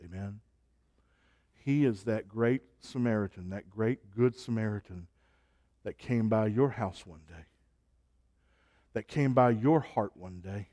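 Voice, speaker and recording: A man preaching a sermon and leading a closing prayer, building phrases through repetition and letting his line endings fall soft and quiet. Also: on the low side. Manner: slow, rhythmic preaching with repeated phrases and soft trailing endings. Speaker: pastor.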